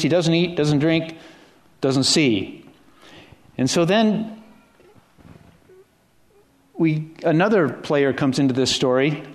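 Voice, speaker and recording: Conversational man giving a sermon. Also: on the high side. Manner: conversational, with frequent restarts and asides. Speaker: preacher.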